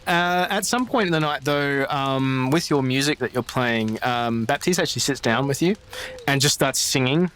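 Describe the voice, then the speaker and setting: A man's voice: mid-range voice, moderate pace, fairly bright tone, clear, resonant tone. A man running a tabletop game as game master, narrating casually with fillers and restarts. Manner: casual, hesitant, many fillers.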